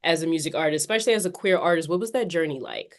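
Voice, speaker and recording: A woman's voice: low voice, very fast. A woman from Philadelphia hosting a podcast interview, encouraging and playful with her guest. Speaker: podcast host.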